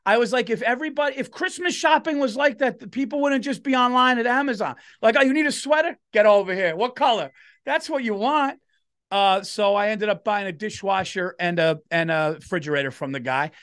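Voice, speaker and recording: A man's voice: high voice, brisk, fairly bright tone. A middle-aged man, a comedian telling a story on a podcast and doing the voices of the people in it. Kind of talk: casual storytelling chat.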